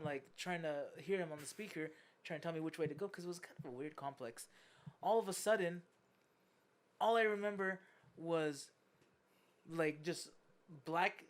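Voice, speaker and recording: A young adult podcast host telling a story in casual chat, swearing often and laughing through it. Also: medium pitch. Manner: profane, laughing, animated storyteller.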